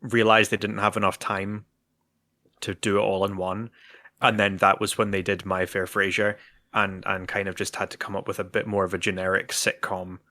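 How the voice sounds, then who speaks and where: Bright, low-voiced man chatting. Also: flat delivery, moderate pace, dry recording. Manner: agreeable, speculative, often says "yeah" and "kind of". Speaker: podcast co-host. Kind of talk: casual chat.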